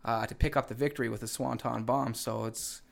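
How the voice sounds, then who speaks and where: A man co-hosting a wrestling radio show with a middle-pitched voice. He recaps the week's events in a loose, rambling way, often stopping to restart a sentence. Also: steady tone, a little fast, creaky. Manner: rambling with frequent fillers and restarts. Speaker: co-host. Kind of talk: casual wrestling radio chat.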